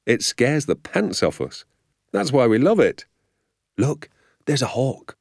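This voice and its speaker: A man doing a calm, amused poacher father. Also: mid-range voice, slow pace, vocal fry, dry recording, studio quality, voice pushed up, heavily acted. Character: easygoing, playful father, a poacher. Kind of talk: audiobook character voice.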